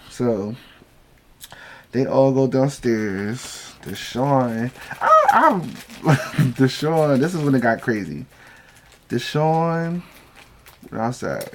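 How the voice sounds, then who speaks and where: A man's voice: medium pitch, slight background noise. A man recapping a reality show in a casual vlog, telling it as profane, gossipy stories and acting out what people said. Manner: acts out quoted lines.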